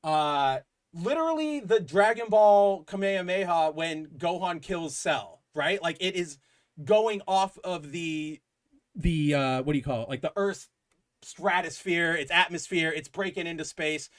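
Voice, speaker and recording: A man co-hosting a podcast, excitedly retelling a story in a rambling, casual way full of fillers. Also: a little high, measured pace. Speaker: podcast co-host. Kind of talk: casual comic book chat.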